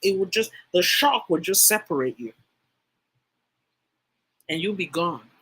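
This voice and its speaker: A woman's voice: fairly low pitch, lively intonation, measured pace, a bit bright, breathy edge, rough recording. A woman giving a livestreamed spiritual teaching talk. She speaks emphatically, repeats phrases for stress and speaks directly to her live chat viewers.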